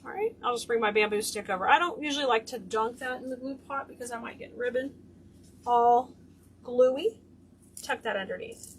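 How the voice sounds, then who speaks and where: A woman's voice: high voice, normal speed, a bit bright, slight background noise. A woman hosting a hands-on wreath-making tutorial, chatting and gushing over her work as she goes. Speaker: craft tutorial host. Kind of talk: hands-on craft demonstration.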